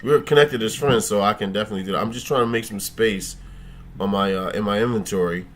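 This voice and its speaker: A man's voice: fairly low pitch, fast talker, background noise. A man hosting a casual gaming livestream, joking and cursing as he thinks aloud and talks back to his chat. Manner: thinks aloud, trailing restarts.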